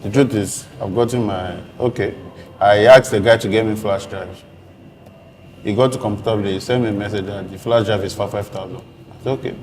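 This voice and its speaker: A man's voice: lowish voice, darkish tone, a little hiss or hum. A man telling a plain-spoken anecdote in a casual conversation.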